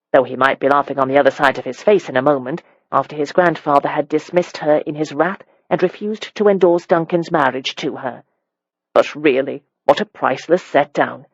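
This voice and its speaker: An audiobook narrator reading a period romance in a measured, wry storytelling manner. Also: medium pitch, dry recording, muffled recording.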